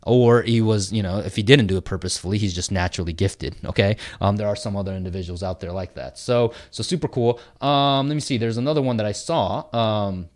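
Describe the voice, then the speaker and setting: A man's voice: fairly low pitch, brisk, few pauses, darkish tone. A man talking casually about marketing, reading group posts aloud and answering them, with lots of fillers and "right?" check-ins. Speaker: host of a marketing group video.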